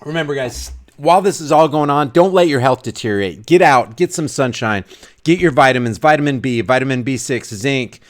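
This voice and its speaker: A man's voice: mid-range voice, animated, a little fast. A middle-aged man ranting in a commentary vlog, fiery and preachy, hammering his points home through repetition. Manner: fiery, preachy, emphatic, repeats himself. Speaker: vlogger.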